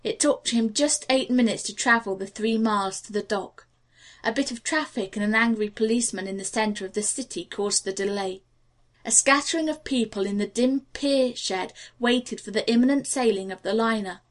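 A woman narrating a novel aloud in a steady, expressive way. Her voice sits a little high for a woman. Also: normal speed. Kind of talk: audiobook narration.

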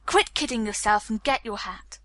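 A stern male police captain who fires off hard questions and won't let up, read by a woman. The voice sits a little high and bright, recorded close and dry with no room around it. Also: moderate pace, dry recording.

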